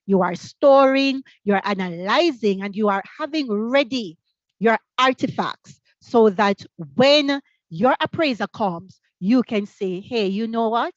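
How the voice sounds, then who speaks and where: Jamaican woman, workshop facilitator, brisk rhetorical questions, slightly high voice, dull dry call audio. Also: no echo. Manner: energetic, asks many rhetorical questions. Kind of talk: teacher training workshop.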